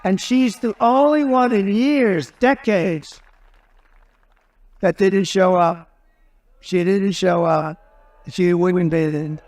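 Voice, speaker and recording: A man with a raised, fairly high speaking voice works through a loose rally speech. He wanders from point to point, stacking repeated phrases. His tone stays combative and sure of itself. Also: slow, long pauses, darkish tone, a faint crowd. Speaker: political candidate.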